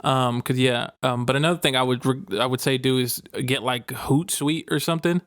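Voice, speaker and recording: A laid-back man talking casually as a podcast co-host, slangy and quick to laugh. His voice sits in an ordinary middle pitch and sounds close and dry, with no room around it. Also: steady tone, a bit bright, no room sound. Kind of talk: casual chat.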